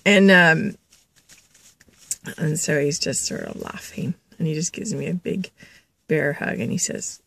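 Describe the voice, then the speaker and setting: Slow, low-voiced woman giving a spirit reading. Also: animated, creaky, fairly bright tone, breathy edge, no room sound. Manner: relays a spirit's messages, calling listeners children; chatty, laughs and coughs between thoughts. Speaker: intuitive reader.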